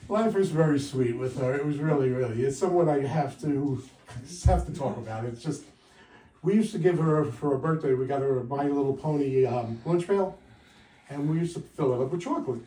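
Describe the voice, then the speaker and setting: A man in his sixties doing a stand-up comedy set with wry, punchy delivery, jumping louder for quoted lines. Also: fairly high pitch, moderate pace, pauses often. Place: comedy club stage. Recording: roomy live sound from a distance.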